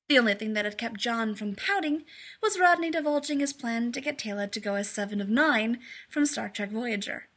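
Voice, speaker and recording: Bright-voiced woman reading a story. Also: a little high. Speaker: narrator. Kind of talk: reading fan fiction aloud.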